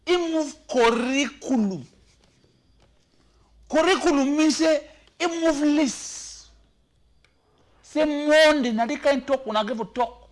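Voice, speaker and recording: A man with a Cameroonian Pidgin accent giving comic commentary, animated and switching between languages, sometimes shouting. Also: very high voice, takes it slowly, long pauses. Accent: Cameroonian Pidgin English. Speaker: comedy commentator.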